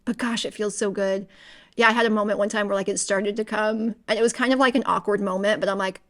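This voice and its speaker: Woman podcast co-host, mid pitch, casual and animated, talks in quick rambling bursts. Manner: chatty, animated, lots of fillers and acted-out inner voices. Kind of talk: casual book-club chat.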